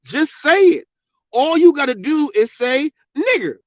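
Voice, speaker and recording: A high-pitched American man hosts his own channel and fires off a heated commentary, hammering the same points again and again. His voice sits dry and close in a muffled, lo-fi recording. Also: expressive, a little slow, dry recording. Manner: confrontational, repetitive, emphatic. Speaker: channel host. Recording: dull, dry lo-fi sound.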